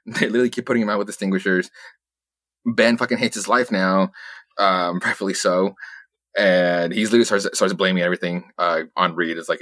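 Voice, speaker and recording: A man's voice: fairly low pitch, a bit bright, no echo. A young man co-hosting a podcast, recapping a comic book in a rambling, profane way, laughing often and quoting characters in passing. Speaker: podcast co-host.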